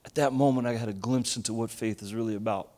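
A man's voice: mid-range voice, fast talker. A man in his forties from Argentina, a pastor preaching a sermon with funny stories and jokes with the audience. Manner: animated storyteller, jokes with the audience.

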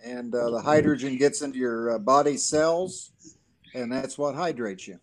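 A man with a Southern US accent talks as a podcast guest. His pitch sits in the middle, and his speech is halting and full of filler pauses as he explains his claims. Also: a little hiss or hum. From Alabama, US. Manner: halting, many uhs, explains water health claims. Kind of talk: casual podcast chat.

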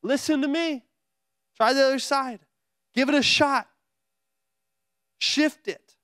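A preacher voicing a coaxing, friendly Jesus. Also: male voice, extremely high pitch, slow pace, bright, forceful tone, no room sound, clean studio sound, voice pushed up, heavily acted. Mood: encouraging. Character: gentle, encouraging Jesus calling from the shore. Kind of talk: sermon.

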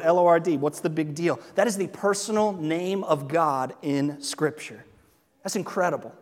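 A middle-aged man preaching a sermon as pastor, in a lively, conversational way with jokes and laughs. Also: sits high. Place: church sanctuary. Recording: long reverb of a large hall.

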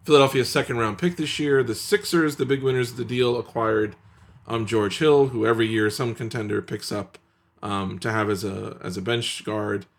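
A man's voice: medium pitch, fairly even intonation, moderate pace. A man hosting a casual sports podcast, talking in sardonic, emphatic runs. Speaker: podcast host.

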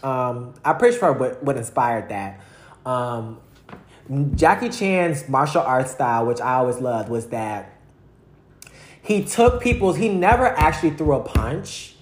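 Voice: mid-range voice, expressive, a little slow, echoey room. A young adult vlogger talking in a casual, rambling monologue full of slang and fillers.

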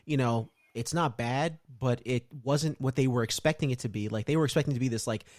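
Hoarse man hosting a podcast. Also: mid-range voice, a little fast, a little mellow, no echo, clean studio sound. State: hoarse, recovering from a cold. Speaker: podcast host. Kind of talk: casual podcast chat.

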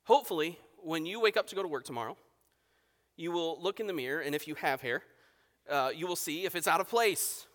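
A man in his thirties preaching a sermon as pastor, emphatic, with sharp swings from loud to hushed. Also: on the high side, fairly quick. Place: church sanctuary. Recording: long reverb of a church hall.

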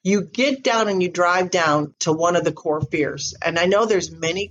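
A woman's voice: on the low side, normal speed, highs cut off, slight background noise. A middle-aged woman, an interview guest, telling a story in a conversational way and acting out the lines of the people in it. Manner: animated storyteller, acts out quoted dialogue.

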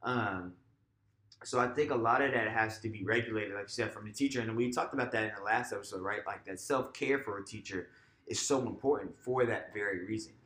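A man, a teacher co-hosting a podcast, talking in a relaxed way full of "like" and "you know," sometimes acting out what he says in class. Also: on the low side, brisk, echoey room. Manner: relaxed, filler-heavy, acts out classroom voices. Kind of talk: casual conversational chat.

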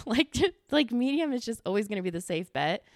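A woman hosting a casual solo podcast, ranting in an animated, exasperated way with lots of filler words. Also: on the high side, a little fast, no echo, studio quality. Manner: animated, exasperated, lots of "like", swings loud and soft. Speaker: podcast host.

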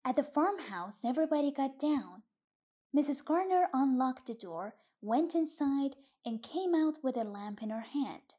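A woman narrating a literary short story in a calm, measured audiobook reading. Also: sits high.

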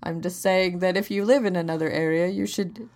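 A woman's voice: lowish voice, a little fast, a little mellow. A woman co-hosts a podcast in casual chat. She explains earnestly and at length, restarting her sentences often. She answers her partner's jokes with dry, mild exasperation. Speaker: podcast co-host.

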